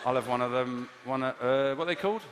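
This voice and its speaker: A man doing improvised stand-up comedy from audience suggestions, mixing deadpan asides with sudden loud bursts. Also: medium pitch, fast. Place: large theatre with audience. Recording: echoey live hall, loud noise.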